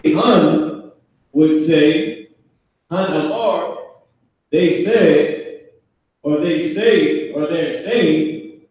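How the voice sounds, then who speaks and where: A man teaching a live online language class, talking casually with slang and spelling out words slowly for students. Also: fairly high pitch, darkish tone, recorded from a distance. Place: classroom with a board. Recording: echoey room, off-mic.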